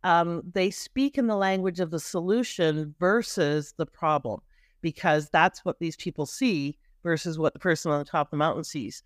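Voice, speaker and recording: A woman's voice: sits low, moderate pace, no room sound. Canadian woman, emphatic coaching talk, dry sound. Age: middle-aged. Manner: animated and emphatic, with repetitions and restarts. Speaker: guest, marketing coach. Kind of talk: conversational podcast interview.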